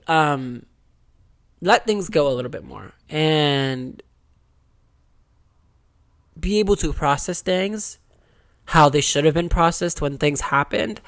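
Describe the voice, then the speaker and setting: A woman's voice: low voice, vocal fry. A young adult woman talking casually to the camera in a candid diary-style confession, chatty and frank, swearing freely. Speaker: vlogger.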